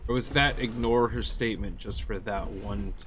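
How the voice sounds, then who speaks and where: A man's voice: on the low side, fairly even intonation, moderate pace, a bit bright. Male streamer, casual horror game commentary, muttering, faint hiss behind. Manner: muttering reactions, yawning.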